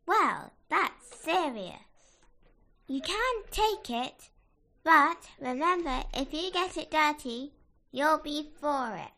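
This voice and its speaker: A woman voicing a beautiful, stern goddess in a storybook, speaking crossly and slowly. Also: high voice, expressive, sharp tone, pitched above the performer's own voice, heavily acted. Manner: slow, cross, threatening.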